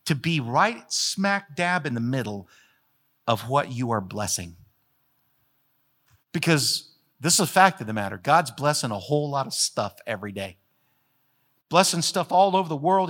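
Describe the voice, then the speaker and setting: A man's voice: a little high, fairly bright tone. A man preaching a sermon as the pastor, folksy and emphatic, repeating phrases to drive points home.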